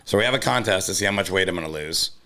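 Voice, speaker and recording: A man co-hosting a casual comedy podcast, excitable and jumpy, often breaking into loud high yelps and laughter. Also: very fast. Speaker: podcast co-host.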